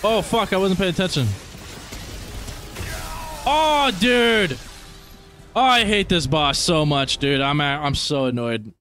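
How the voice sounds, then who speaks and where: Excitable young man streaming a game. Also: high-pitched, slow pace, pauses often, soft background music. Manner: excitable, swears a lot, talks to viewers. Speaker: gaming streamer. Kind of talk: casual gameplay commentary.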